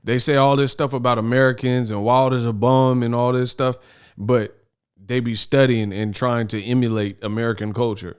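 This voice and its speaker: A man's voice: medium pitch, fairly even intonation, moderate pace, clean tone. A man hosting a casual boxing reaction commentary, slangy and incredulous.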